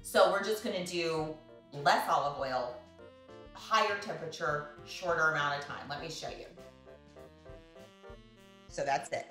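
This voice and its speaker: Over a video call, a woman hosts a casual cooking demonstration, walking another cook through a recipe in a chatty, playful way and laughing often. Her voice is deep and pushed bright, with a measured pace and long pauses. The recording is reverberant, with soft music in the background.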